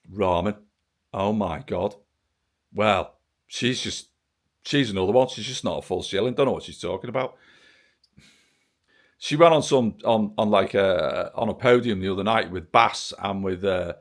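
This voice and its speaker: A man's voice: on the low side, vocal fry. Sweary British man ranting to camera. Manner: angry, sweary, sarcastic ranting. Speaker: vlogger. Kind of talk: ranting political monologue to camera.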